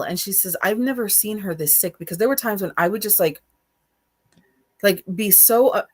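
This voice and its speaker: In a casual podcast chat, a medium-pitched woman in her forties, the co-host, shares openly and emotionally while often starting over and repeating words.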